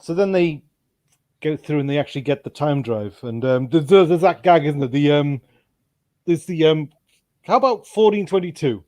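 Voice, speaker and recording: Male co-host, brief agreeing replies, hesitant fillers, pitch a little high. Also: normal speed, warm tone. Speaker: podcast co-host. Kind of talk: casual TV discussion.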